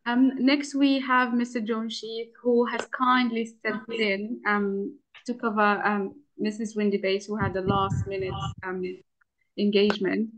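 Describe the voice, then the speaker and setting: A woman's voice: mid-range voice, level tone, measured pace, low-quality recording. A woman moderating a webinar, polite and hesitant with frequent fillers as she introduces speakers.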